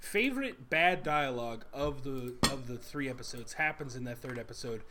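A man co-hosting a podcast, retelling scenes and quoting characters in an animated way. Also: mid-range voice, normal speed, noisy background. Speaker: podcast co-host. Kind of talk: casual chat.

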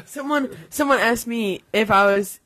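A woman's voice: fairly high pitch, normal speed, fairly bright tone. A young American woman in casual podcast chat with friends, rambling and swearing, full of "like". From United States. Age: young adult. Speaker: podcast co-host.

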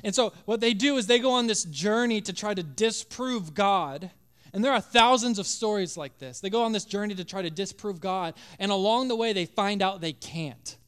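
A male pastor preaching a sermon with passion, acting out voices and dropping to a hush at times. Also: high-pitched, moderate pace, clear, resonant tone. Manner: impassioned, acts out biblical voices, drops to hushed tones.

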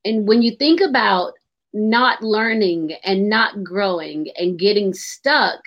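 A woman's voice: medium pitch, slow pace, dull audio. A woman hosting a radio talk show, chatting openly and expressively and laughing easily.

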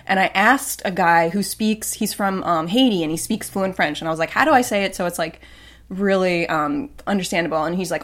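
A woman's voice: fairly low pitch, a little fast. A woman co-hosting a podcast in casual chat, jokey and chatty, acting out voices in her stories. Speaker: podcast co-host.

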